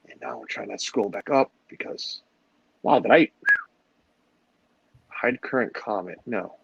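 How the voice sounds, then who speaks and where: A man's voice: lowish voice, lively intonation, measured pace, vocal fry, slightly rough, dry recording, muffled recording. A middle-aged man hosting a livestream, rambling and joking as he greets his chat. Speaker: livestream host. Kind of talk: casual chat with a live audience.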